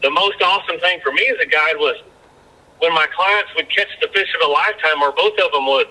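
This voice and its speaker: A former fishing guide talks as a guest on a podcast. He tells rambling stories full of restarts and repeated words. His voice is very bright and sits a little high for a man. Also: brisk, low-quality recording. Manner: rambling anecdotes with many restarts. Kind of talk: casual storytelling chat.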